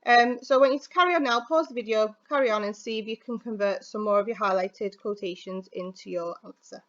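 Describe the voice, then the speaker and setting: A woman's voice: medium pitch, brisk, a bit bright. A woman from the UK who teaches English, talking through an exam answer in a chatty, informal recorded video lesson. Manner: chatty, informal, thinks aloud with fillers. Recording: slightly dull, lo-fi audio.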